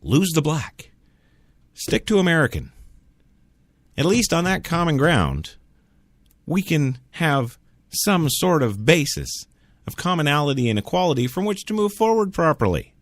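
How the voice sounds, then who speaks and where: A man holds forth alone on his talk radio show, sarcastic and opinionated. His pitch leaps up and down with a lot of life. The sound is dry and close, right on a studio mic. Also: very animated, measured pace, long pauses, no room sound. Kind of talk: solo talk radio monologue.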